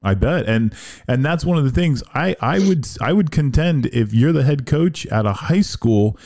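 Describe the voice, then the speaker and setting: A man's voice: mid-range voice, animated, normal speed, darkish tone. A man hosting a casual interview podcast, easygoing, setting up questions at length. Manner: easygoing, leading questions with long setups. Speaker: podcast host, football coach.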